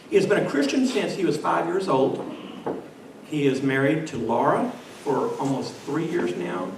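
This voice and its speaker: A man hosting an event reads a formal introduction of the next speaker. His voice is higher than most men's and lively in its rise and fall. He is caught from afar in an echoey room with faint noise. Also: gravelly, distant mic. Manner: formal, announcing.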